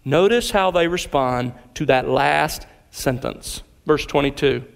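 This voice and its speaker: A man preaching an expository sermon as pastor, earnest and deliberate in his phrasing. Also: on the high side, creaky, in a large hall.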